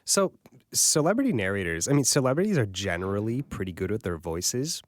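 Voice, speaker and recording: A man's voice: fairly low pitch, very animated, a little fast, no echo, clean studio sound. A man co-hosting a podcast discussion about audiobooks, chatty and self-deprecating. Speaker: podcast co-host. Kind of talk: casual panel discussion.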